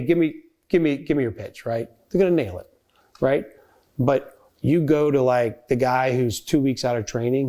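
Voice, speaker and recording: A man's voice: medium pitch, dark tone. Chatty man as podcast guest. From United States. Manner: conversational, tag questions, fillers like "right?" and "like". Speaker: company founder and former CEO, guest. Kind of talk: casual podcast conversation.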